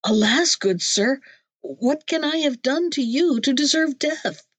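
A woman reading a storybook, voicing a terrified merchant who pleads for his life in a higher, trembling voice. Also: a little fast, a bit bright, dry recording. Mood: pleading. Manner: trembling, pleading, raised pitch.

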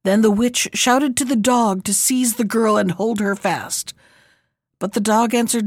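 A woman reads a fairy tale aloud in a measured storytelling style. Her voice sits fairly high and the recording is dry and close, with no room sound. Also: fairly even intonation, no echo.

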